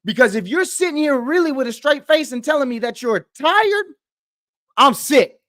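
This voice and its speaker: A man's voice: very high-pitched, big pitch swings, normal speed, a bit bright, no room sound, clean studio sound. A man in a heated sports talk show, indignant and ranting, repeating himself for emphasis.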